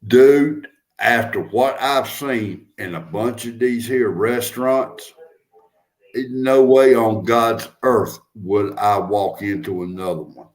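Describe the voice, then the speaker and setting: A man's voice: on the low side, slow pace. An older man chatting casually as a host, telling stories in a folksy, drawling way. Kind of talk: casual chat.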